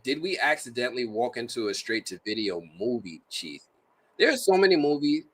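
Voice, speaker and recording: A man reviewing a movie in a casual, jokey, slang-filled way. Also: medium pitch. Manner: animated, slangy, jokey delivery.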